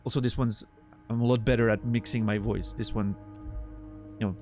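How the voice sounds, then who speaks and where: A man's voice: on the low side, fairly even intonation, normal speed, darkish tone, faint music behind. A man streaming live, chatting casually with his viewers and thanking them, on a studio condenser microphone.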